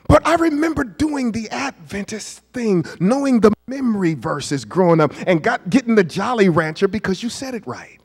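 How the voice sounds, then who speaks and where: A man in his fifties preaching with a high, lively voice that leaps up and down as he quizzes his congregation. He drops to near-whispers, then bursts into shouts. The sound carries a long church-hall reverb. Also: a little fast, husky. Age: 50s. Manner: emphatic preaching, questions to the congregation; swings from hushed asides to shouts. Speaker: pastor. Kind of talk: sermon. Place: church sanctuary.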